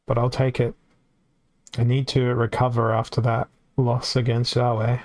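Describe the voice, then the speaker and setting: A man's voice: medium pitch, completely flat delivery, moderate pace, darkish tone. A man with an Australian accent giving casual live-stream commentary on a card game, chatty and reacting aloud as it plays out.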